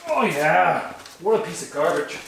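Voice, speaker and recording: In an echoey home garage with a little background noise, a Canadian man narrates building a drag lawnmower. His creaky, expressive voice sits on the high side at a normal speed, and his tone is offhand and joking with occasional swearing.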